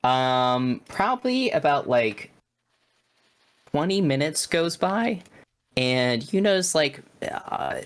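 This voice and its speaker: Brief: relaxed male game master, halting narration full of ums and likes. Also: a little high. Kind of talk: narrating a tabletop horror game.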